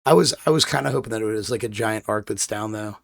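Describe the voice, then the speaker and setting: A man's voice: fairly low pitch, fast talker, gravelly, fairly bright tone, dry recording, studio quality. A man co-hosting a gaming podcast, telling rambling stories with lots of restarts in casual chat. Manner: rambling storyteller, many restarts. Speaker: podcast co-host.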